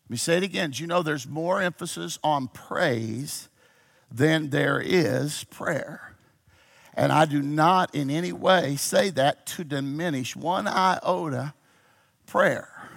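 A man preaches a sermon to a church congregation, swinging from shouted exhortation to low, intimate teaching. His voice is gravelly and he takes it slowly.

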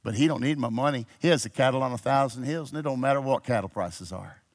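A man preaching a sermon to a church congregation, swinging between shouted exhortation and low, intimate teaching. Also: fast.

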